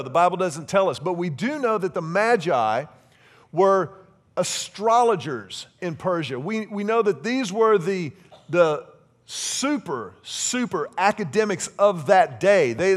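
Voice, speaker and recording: A middle-aged man preaching a sermon to a congregation, animated and joking, drawing them in with questions. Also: high-pitched. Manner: animated, joking, asks the congregation to call out answers. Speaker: pastor.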